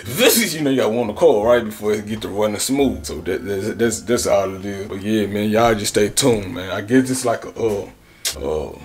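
A young man talking to his camera at home, still groggy and husky from just waking up, with a low voice. He rambles in loose slang and keeps correcting himself. A faint hiss runs under the recording. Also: moderate pace. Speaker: vlogger. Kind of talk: casual morning routine vlog. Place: home bathroom. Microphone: camera on a tripod.

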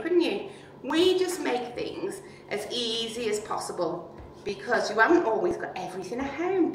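A woman with a fairly high voice shows young children how to make a paper donkey craft, chatty and playful as she asks them questions while she works. The recording is very echoey and distant, with slight background noise.

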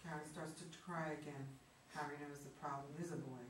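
Low, flat-voiced woman reading stage directions. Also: quick pace. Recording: roomy, distant mic with clear noise.

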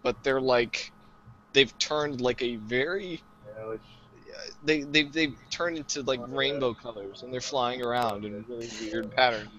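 A man playing a tabletop game, describing his character with a lively, amused delivery. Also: medium pitch, unhurried, dull audio. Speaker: player. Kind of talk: in-character roleplay.

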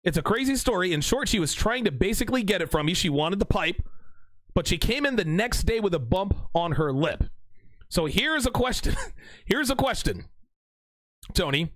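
A young man hosting a livestream, reading out chat messages with animated, joking banter and mock courtroom lines. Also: high voice, normal speed, dry recording.

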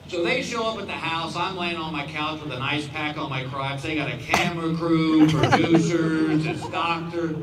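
A man in his fifties doing stand-up, telling a long story in a folksy way and quietly acting out the other people's lines. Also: a little high. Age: 50s. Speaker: stand-up comedian. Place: outdoor stadium stage. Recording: roomy, distant audience recording with crowd noise.

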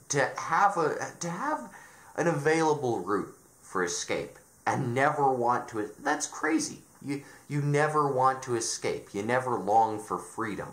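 A man's voice: mid-range voice, a bit bright. A man ranting sarcastically in a show review, exasperated and often restarting his sentences, in a roomy recording. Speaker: video reviewer. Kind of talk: ranting commentary. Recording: roomy echo.

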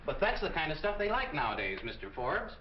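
A man's voice: fairly high pitch, sing-song, brisk, slight background noise. An actor playing an eager, theatrical radio performer pleading for his show, in 1940s film acting. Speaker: radio impersonator. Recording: echoey, dull old film soundtrack.

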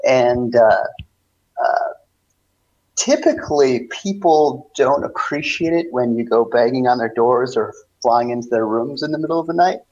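A man's voice: medium pitch, measured pace, darkish tone. A man playing in a tabletop game over voice chat, talking hesitantly with many restarts. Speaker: player. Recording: dull lo-fi online voice chat.

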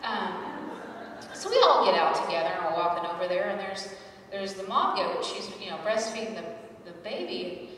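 A woman in her forties doing a stand-up set, telling wry, self-deprecating stories with loud acted asides. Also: medium pitch, expressive, moderate pace, recorded from a distance, slight background noise. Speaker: stand-up comedian. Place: live comedy stage. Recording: echoey hall, mic heard from afar.

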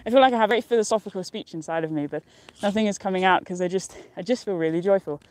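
A woman's voice: mid-range voice, rapid-fire, darkish tone. A young woman vlogging live from a mountain top, chatting casually and cheerfully, rambling and laughing often. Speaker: outdoor vlogger. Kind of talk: casual live-stream chat.

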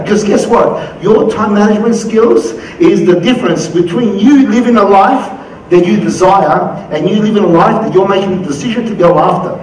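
Australian man, middle-aged, high-pitched voice, energetic keynote, heard from far back in a very echoey hall. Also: normal speed, a little hiss or hum. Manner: energetic, acts out quoted voices. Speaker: conference keynote speaker. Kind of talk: motivational conference talk. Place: conference hall.

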